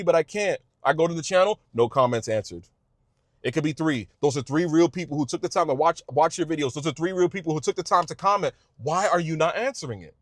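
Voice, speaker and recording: Male creator, passionate advice-giver; lively swooping pitch, stumbles and restarts, folksy. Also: no room sound, studio quality. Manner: emphatic, repetitive, stumbling restarts; informal speech, says y'all. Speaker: YouTube creator giving advice. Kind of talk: passionate direct-to-camera advice.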